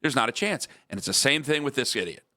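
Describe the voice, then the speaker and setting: Bright-voiced heated sports radio man. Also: medium pitch, expressive, quick pace. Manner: heated, repetitive ranting.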